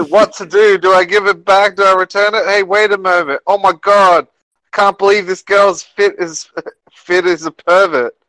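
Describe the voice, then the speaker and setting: A man's voice: sits high, steady tone, unhurried, bright, forceful tone, dry recording, voice pushed up, poor audio. A man voicing a flustered young male office worker in an exaggerated put-on British accent, crude and over the top.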